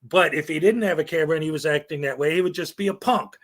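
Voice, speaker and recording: This middle-aged man from the United States speaks on a live stream in a voice pitched a touch high for a man, and he talks fast. Opinionated and rambling, he blurs one sentence into the next, peppering his speech with fillers and quick laughs.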